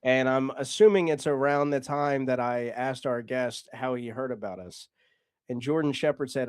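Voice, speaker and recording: A man's voice: mid-range voice, normal speed, smooth, dry recording, studio quality. A man hosting a comedy podcast, talking loosely and with swearing, joking with his co-host and announcing the joke concept. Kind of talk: casual podcast chat.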